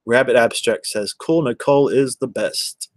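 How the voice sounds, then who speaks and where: A man's voice: mid-range voice, moderate pace, no echo. A man, chatting casually on a livestream and answering viewers by name in a rambling way. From Texas.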